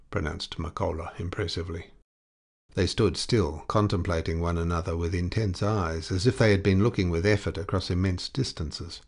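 A man narrating a classic short story as an audiobook, in a measured, deliberate way. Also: sits low, steady tone, gravelly, husky. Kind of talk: scripted narration.

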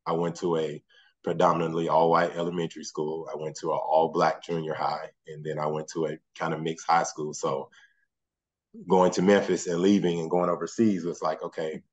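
A man, a guest speaking softly and trailing off with "you know". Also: a bass voice, little pitch movement, normal speed, slightly rough. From Mississippi, USA. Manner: soft-spoken, trails off often with "you know". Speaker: guest, former basketball player and coach. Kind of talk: relaxed interview chat.

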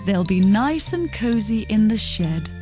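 A woman's voice: medium pitch, sing-song, measured pace, soft background music. A woman voicing a kind, practical mother of twins in a children's storybook. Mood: gentle. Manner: gentle, reassuring.

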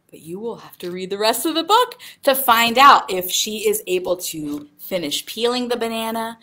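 A woman's voice: medium pitch, a bit bright. A woman, a children's librarian, reading picture books aloud at storytime. She speaks in a sing-song way and asks young listeners questions.

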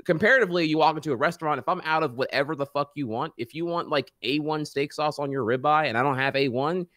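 A man's voice: on the high side, quick pace, a bit bright, no room sound, clean studio sound. A man co-hosting a casual podcast chat, telling rambling, profane stories full of fillers. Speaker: podcast co-host.

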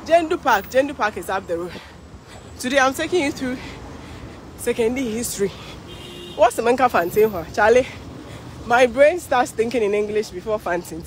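Ghanaian woman vlogging on a phone out on the street, high voice that jumps all over, worn out from walking. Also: moderate pace, pauses often, a little hiss or hum. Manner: excitable, exclaiming, chatty. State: tired from walking. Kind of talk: live walking vlog. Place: outdoor city street at a parade.

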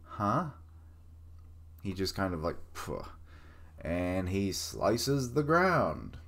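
A man's voice: low voice, very animated, takes it slowly, creaky, a bit bright. A man giving casual live reaction commentary on an anime, blurting out surprised remarks and swearing casually. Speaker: reaction streamer.

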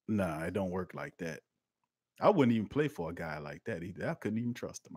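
A man, hosting a live-streamed sports talk show and chatting with his viewers, swinging between loud outbursts and quiet asides. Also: on the low side, normal speed, slightly rough, no room sound, studio quality. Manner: lively and conversational, talks to chat, swings from loud to quiet.

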